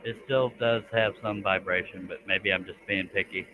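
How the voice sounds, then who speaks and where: A man's voice: low-pitched, steady tone, moderate pace, noisy background. A man hosting a live stream, chatting casually and joking to himself as he works in his workshop. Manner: joking, talks to himself while working. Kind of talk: casual chat while woodworking.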